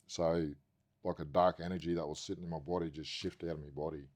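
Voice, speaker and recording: Deep-voiced Australian man swearing through a story. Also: brisk. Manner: swears constantly, rambling and animated. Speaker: podcast guest. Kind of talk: casual storytelling.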